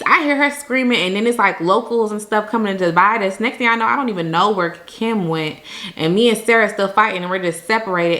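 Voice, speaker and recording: A woman from Jamaica telling a vacation story to her viewers in a casual storytime, animated and laughing often. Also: medium pitch.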